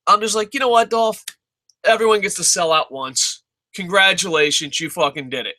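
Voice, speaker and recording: A young man hosting a wrestling Q&A show, ranting in a profane, comedic way and putting on mocking voices. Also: sits high. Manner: animated, swears constantly, mocking put-on voices.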